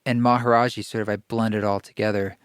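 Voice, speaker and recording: A man telling a personal story in casual conversation, animated, stammering and restarting often. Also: fairly low pitch, quick pace, smooth, no room sound, studio quality. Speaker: podcast guest, kirtan musician.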